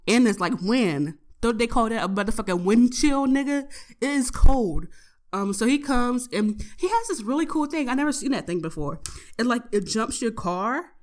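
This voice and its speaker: A young woman, a college student, tells a profane story about her day in a casual audio diary, animated and laughing as she goes. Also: fairly high pitch, normal speed. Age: young adult.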